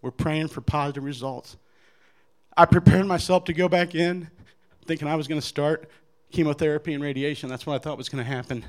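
A man giving an earnest personal faith testimony to an audience, animated as he acts out other people's lines, with frequent restarts. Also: on the high side, fast talker. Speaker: guest speaker giving testimony.

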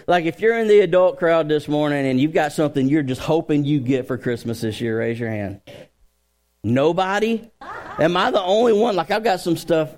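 Joking storytelling pastor. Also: male voice, medium pitch. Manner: joking, storytelling, lively crowd work. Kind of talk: sermon. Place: church.

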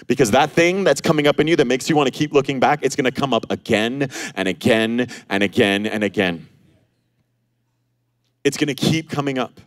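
A man in his thirties preaching a sermon as pastor, animated, acting out the voices he quotes. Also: medium pitch, no room sound, clean studio sound.

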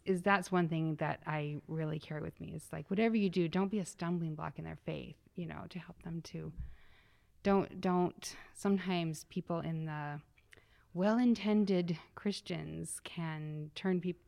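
Gravelly low-voiced woman host. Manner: reflective, rambling with many restarts. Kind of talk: faith-based conversational talk.

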